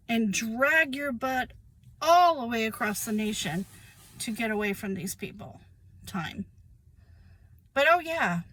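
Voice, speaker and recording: A woman's voice: on the high side, bright, forceful tone, dry recording, rough recording. A woman, speaking in a casual, emphatic monologue about her own life and repeating phrases for weight. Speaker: vlogger sharing personal experience.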